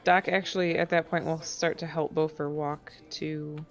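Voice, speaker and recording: A woman playing a tabletop game, calmly describing her character's actions. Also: deep voice, moderate pace, muffled recording. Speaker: player. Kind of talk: tabletop role-play.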